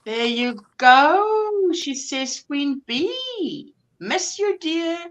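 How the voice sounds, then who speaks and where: High-pitched chatty woman hosting a stream from home, lots of restarts. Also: big pitch swings, very slow. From South Africa. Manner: chatty, greets viewers warmly by name, restarts often. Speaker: livestream host. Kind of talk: casual chat reading out viewer comments.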